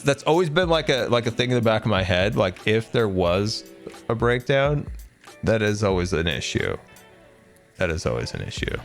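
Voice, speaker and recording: A man live-streaming a game, chatting casually with viewers in a rambling way and laughing often. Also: fairly low pitch. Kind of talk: casual live-stream chat while gaming.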